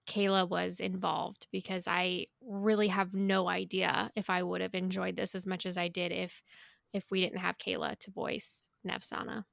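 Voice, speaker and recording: A woman's voice: mid-range voice, gravelly, fairly bright tone, no echo, clean studio sound. A woman, a podcast guest and co-creator, chatting enthusiastically with loose, rambling fillers. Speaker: co-creator of an audio drama, guest. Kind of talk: casual podcast chat.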